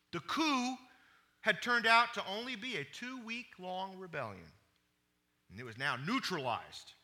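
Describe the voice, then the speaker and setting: Male pastor, high and lively voice, animated storyteller who drops quiet on somber points. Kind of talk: sermon.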